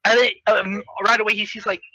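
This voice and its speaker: A man's voice: high voice, flat delivery, fast talker, gravelly, a loud crowd, low-quality recording. A young man giving a rambling, profane comedic recap of a movie in slang. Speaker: video host.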